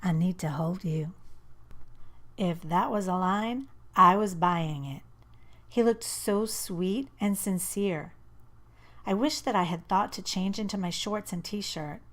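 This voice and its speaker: A woman narrating a first-person novel as an audiobook, in an intimate, measured and expressive reading. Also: medium pitch.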